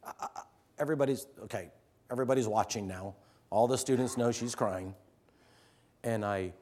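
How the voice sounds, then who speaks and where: A middle-aged man, a teacher addressing fellow teachers, telling a story earnestly, swinging from loud emphasis to hushed near-whispers. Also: medium pitch, moderate pace. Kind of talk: storytelling talk to an audience.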